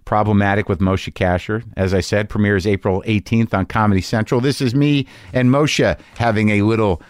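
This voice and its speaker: A middle-aged man from New Jersey hosting a casual interview chat in a garage studio, talking in a wry, needling way with halting restarts. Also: on the low side, fairly even intonation, dry recording. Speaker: podcast host.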